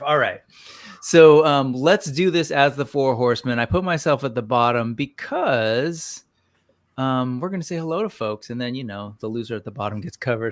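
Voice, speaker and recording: Male host, casual upbeat rambler, mid pitch, dry room. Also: lively intonation, normal speed, no room sound. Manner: rambling, upbeat, many ums, greets chat viewers by name. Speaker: host of a toy news livestream. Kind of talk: casual livestream chat.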